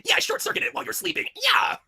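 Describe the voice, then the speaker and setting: A man putting on a high falsetto woman's voice, playing a brash, crude woman who shrieks and taunts. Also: racing, sharp tone. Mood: shrieking crude. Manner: shrill squealing falsetto.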